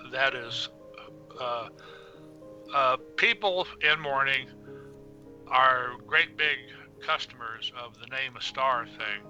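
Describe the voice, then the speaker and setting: A man's voice: mid-range voice, sharp tone, muffled recording. A man co-hosting a casual livestream, adding plainspoken comments with some hesitation. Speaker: livestream co-host.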